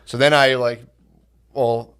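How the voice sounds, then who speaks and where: A man in his thirties co-hosting a podcast, telling animated stories with lots of laughter and swearing. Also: mid-range voice, takes it slowly, clean tone. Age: 30s. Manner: animated storyteller, laughs often, swears a lot. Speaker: podcast co-host. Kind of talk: casual chat.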